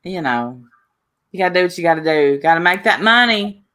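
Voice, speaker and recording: A woman's voice: on the low side, animated, fairly quick, pushed and bright. A woman hosting a casual livestream chat over a video call, talking in a drawling, rambling way. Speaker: host.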